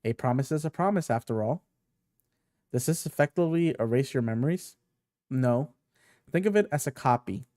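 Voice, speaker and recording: A man reading as a calm genius scientist. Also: mid-range voice, moderate pace, long pauses, no room sound, clean studio sound, close to an everyday voice. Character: eccentric male genius scientist, calm and curious.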